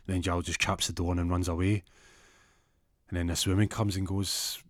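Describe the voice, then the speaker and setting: Young man, low voice, rambling profane storyteller, dry close sound. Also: flat delivery, brisk, long pauses, no room sound. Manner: rambling, profane, with repeated restarts. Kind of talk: casual anecdotal storytelling.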